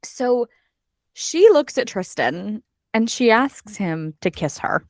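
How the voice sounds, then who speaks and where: Hosting a book club podcast, this woman recaps a book in casual, animated chat, swearing freely and acting out characters' lines. Her voice is on the high side and slow, recorded dry with studio quality.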